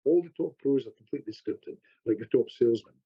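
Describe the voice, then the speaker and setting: A husky-voiced man, middle-pitched, spins an anecdote as a podcast guest. He talks in animated bursts and trips over his own restarts. The audio is dull and lo-fi. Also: quick pace. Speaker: hypnotherapist guest. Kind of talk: storytelling in a podcast conversation.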